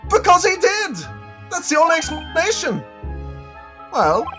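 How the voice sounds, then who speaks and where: A streamer voicing a boastful Irish gentleman client in a put-on Irish accent, theatrical and blustering, with faint music behind. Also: very high voice, big pitch swings, measured pace, pitched above the performer's own voice, heavily acted.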